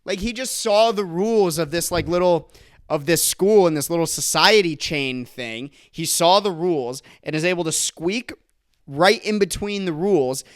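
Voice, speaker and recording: A young man tells a comic grievance story on a podcast, ranting hard. His voice sits high and leaps all over the place. He breaks into laughs and shouts as he winds himself up. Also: lively intonation, normal speed. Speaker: podcast host. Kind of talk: comedic storytelling rant.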